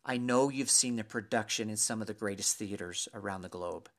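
A man's voice: on the low side, a little fast, fairly bright tone, natural voice. A man voicing his neighbor, a friend who chooses his words carefully and hesitantly. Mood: measured critique. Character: cautious, candid male friend and neighbor.

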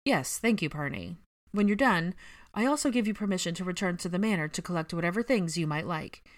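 A woman voicing a reserved young male wizard who speaks in a measured, firm and reluctant way. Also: lowish voice, animated, voice pushed up, natural voice.

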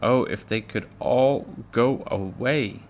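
A man reading aloud, voicing a weary pioneer mother with a raised, strained pitch. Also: slow pace, slight background noise, natural voice. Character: weary pioneer mother, woman, worn thin.

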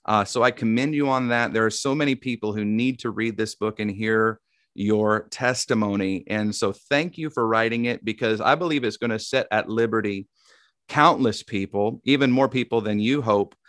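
A man's voice: on the low side, normal speed, dry recording, studio quality. Southern-accented man hosting a faith interview. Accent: Southern American. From Tennessee. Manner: warm-toned encouraging preacher cadence, amen interjections. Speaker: host.

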